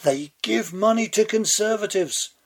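Older English man, slightly higher voice, dry mocking monologue delivery. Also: measured pace. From England. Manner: sardonic, mocking. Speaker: political commentator. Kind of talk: scripted monologue commentary.

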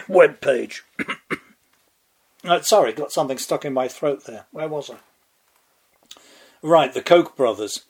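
Older English man, slightly higher voice, dry mocking monologue delivery. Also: darkish tone. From England. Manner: sardonic, mocking. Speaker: political commentator. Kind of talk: scripted monologue commentary.

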